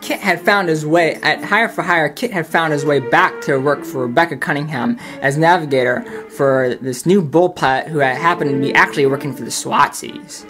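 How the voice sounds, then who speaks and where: A man reading his fan fiction aloud, halting and stumbling over words. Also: fairly high pitch. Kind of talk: amateur story reading. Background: background film-score music.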